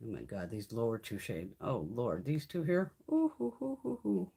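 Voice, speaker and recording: A woman's voice: rumbling low, huge pitch swings, normal speed, creaky, mellow, slightly rough. A woman in her fifties chatting casually through a live makeup haul, swearing freely and laughing often. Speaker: beauty vlogger. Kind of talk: casual live-stream chat.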